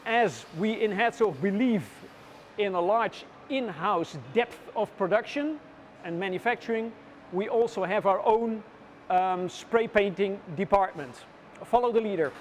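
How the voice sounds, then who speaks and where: A man guiding visitors through a factory floor, explaining in a measured way with frequent pauses. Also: high-pitched, slight background noise. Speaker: factory tour guide. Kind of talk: guided factory tour.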